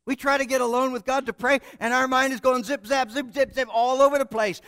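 A middle-aged man preaching a sermon, telling stories with self-deprecating humor and swinging between hushed and loud passages. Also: extremely high pitch, big pitch swings, quick pace, few pauses, dry recording. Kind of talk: sermon with storytelling.

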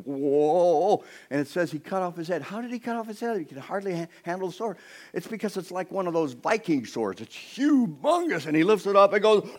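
A man preaching a sermon, retelling a story in an animated way and acting out its scenes. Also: mid-range voice.

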